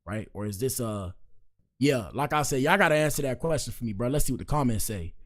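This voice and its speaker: A man's voice: mid-range voice, expressive, a little fast. A man hosting a casual livestream, reading viewer comments aloud and joking with his audience in slangy, direct talk.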